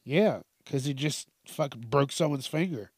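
A man's voice: mid-range voice, normal speed, slightly rough, no room sound, studio quality. A man hosting casual comedic news commentary, swearing often, laughing and riffing on stories.

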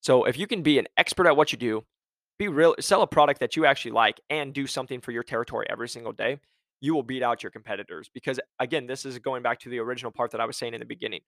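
A man's voice: mid-range voice, rapid-fire, fairly bright tone, no room sound. Blunt, ranting male sales coach. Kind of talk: motivational talk.

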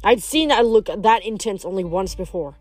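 A woman reading a novel aloud in a plain, steady way, stumbling now and then and correcting herself. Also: medium pitch, normal speed, faint music behind. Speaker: audiobook reader.

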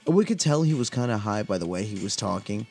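A man's voice: on the low side, expressive, fast, a little mellow, faint music behind. A young man from Southern California's desert valley, casually telling a podcast story in a laid-back, profane, filler-heavy way. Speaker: podcast host.

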